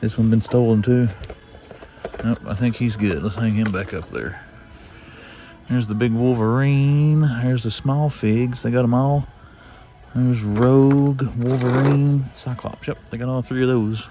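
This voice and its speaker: A man's voice: mid-range voice, normal speed, warm tone, dull audio, soft background music. A man casually chatting as he browses the shelves in a store, listing the toys he finds as he goes. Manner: chatty, rambling, lists finds aloud as he browses. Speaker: toy collector vlogger. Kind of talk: casual toy-hunting commentary. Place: inside a retail store.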